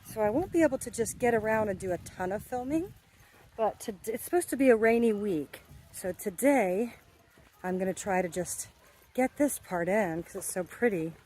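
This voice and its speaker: A woman's voice: medium pitch, expressive, normal speed, a little mellow, a little hiss or hum, poor audio. A woman from the United States, chatting cheerfully to viewers as she films a travel vlog outdoors. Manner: chatty, upbeat, speaks to viewers. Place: outdoors by the sea.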